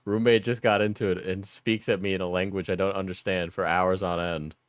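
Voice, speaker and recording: A man's voice: low-pitched, fairly even intonation, brisk, no room sound, studio quality. A male streamer chatting and joking with viewers during a live stream, laughing often. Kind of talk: live stream reaction chat.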